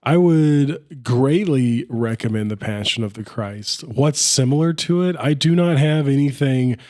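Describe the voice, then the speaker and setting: A man's voice: medium pitch, unhurried, a little mellow. Easygoing rambling podcast co-host man. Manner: laid-back, rambling, uses lots of fillers. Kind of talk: casual film podcast chat.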